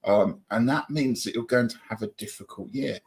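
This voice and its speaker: A man's voice: mid-range voice, normal speed, darkish tone. A middle-aged man co-hosting a livestream, chatting casually and reading out viewer comments in an upbeat, friendly way. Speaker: livestream co-host.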